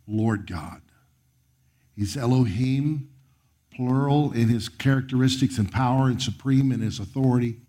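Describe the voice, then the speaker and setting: Preacher swinging from loud to hushed. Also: male voice. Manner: preaching with sharp swings of pitch and volume, dropping to a near whisper; reads scripture aloud and comments on it. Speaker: pastor. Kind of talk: sermon.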